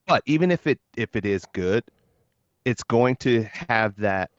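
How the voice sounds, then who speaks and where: A man's voice: medium pitch, lively intonation, measured pace, dry recording, dull audio. A man co-hosting a casual podcast, emphatic and opinionated, often stumbling and restarting his sentences. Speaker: podcast co-host.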